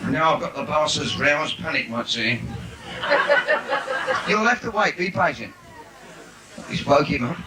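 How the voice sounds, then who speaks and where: Brash comic working a live cabaret crowd, higher-pitched and very lively delivery, bawdy and cheeky, on a noisy 1980s theatre recording. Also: male voice. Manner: brash, cheeky, breaks into shouted asides. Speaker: stand-up comedian. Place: live theatre stage with audience.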